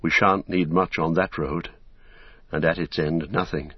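A man's voice: deep voice, fairly even intonation, measured pace, husky, no echo, highs cut off. A man voicing a weary, burdened male hobbit who speaks in anguished, pleading tones. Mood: defiant. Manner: anguished, pleading, breaking into cries.

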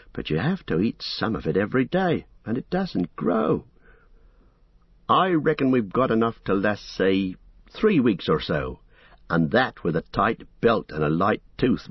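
A man's voice: sits low, slightly rough, dry recording, exaggerated voice. A man reading the part of a loyal, blunt male hobbit servant with homely country speech, on a dull lo-fi recording. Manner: plain-spoken, homely country talk.

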